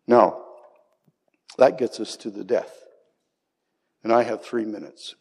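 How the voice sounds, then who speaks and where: A man's voice: lowish voice, steady tone, measured pace, dark tone, slightly rough. A man preaching a sermon with passion, his voice climbing into cries on key words. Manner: impassioned, rising to cries on quoted words. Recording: long hall reverb.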